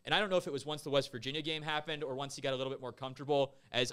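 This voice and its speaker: Male sports analyst, quick and crisp, chatty podcast delivery. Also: mid-range voice, fairly even intonation, fairly bright tone. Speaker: basketball analyst.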